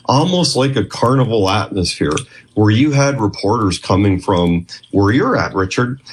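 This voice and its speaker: Guesting on a storytelling interview, this former police-affiliated clinician from Canada is a middle-aged man with a husky, low voice. He tells stories chattily, rambling along with frequent restarts and quotes he acts out.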